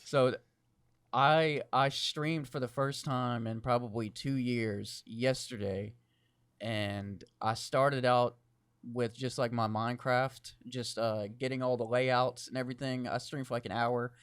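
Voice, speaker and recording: A man at a middle pitch co-hosts a podcast, rambling, cursing freely and breaking into laughter. His voice is deep and crackly from the morning. The sound is close and dry, with no room echo. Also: steady tone, a little slow, clean tone. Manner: rambling, profane, laughs often. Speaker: podcast co-host. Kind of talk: casual chat.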